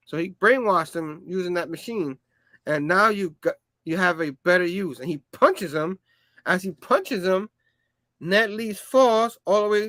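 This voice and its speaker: High-voiced rambling comic show host. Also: male voice, measured pace, pushed and bright, no room sound. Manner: rambling, filler-heavy, hums sound effects and laughs. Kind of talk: casual comic review.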